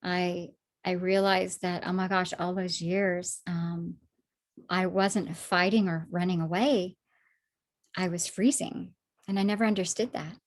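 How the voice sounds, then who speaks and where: Woman, personal testimony, conversational storytelling, lively retelling, hushed reflective passages. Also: measured pace. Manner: animated storytelling, acts out her own past words; drops soft and low on reflective parts. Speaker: guest sharing her faith story.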